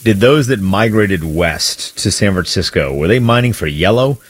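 A man's voice: on the low side, expressive, moderate pace, slightly rough. A man co-hosting a sports radio show, pushing back with dry teasing. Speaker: radio co-host.

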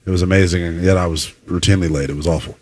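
A young man co-hosting a casual chat, playful and quick to laugh, telling rambling anecdotes. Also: sits low, fairly even intonation, no room sound.

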